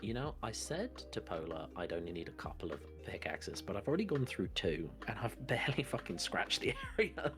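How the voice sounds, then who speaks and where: A man chatting casually on a gaming stream, playful and quick to laugh and sing. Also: on the low side, very animated, over music. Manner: playful, breaks into sung bits and laughter. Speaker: stream guest.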